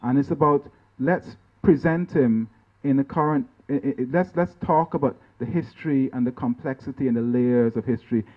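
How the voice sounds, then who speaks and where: A man from Guyana gives a loose, conversational talk about his artwork while slides are shown. His voice sits at an ordinary middle pitch, and he speaks haltingly, restarting phrases and checking in with "right?" and "you know". The recording is thin and tinny, like sound over a phone line. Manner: halting, many restarts, tag questions. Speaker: artist giving a talk. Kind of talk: informal lecture over slides. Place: lecture venue.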